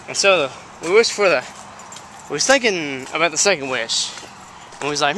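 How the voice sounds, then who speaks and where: A man improvises a rambling story, looping through fillers and repeats with a high, bouncy voice. He is recorded outdoors with clear traffic noise behind him. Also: very animated, brisk, sharp tone.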